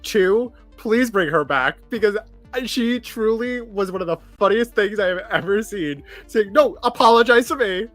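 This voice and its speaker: A man's voice: sits high, animated, measured pace, a bit bright, no echo, faint music behind. A man co-hosting a podcast in casual chat, enthusiastic and emphatic. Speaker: podcast co-host.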